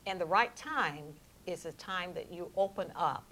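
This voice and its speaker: An American woman minister in an interview, explaining ideas calmly with everyday examples. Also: fairly low pitch, moderate pace, slight background noise. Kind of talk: interview conversation.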